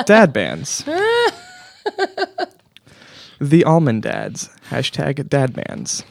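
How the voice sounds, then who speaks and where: A man hosting a comedy podcast, delivering a deadpan mock talk-show monologue and breaking into laughs. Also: mid-range voice, slow pace, vocal fry, long pauses, no room sound.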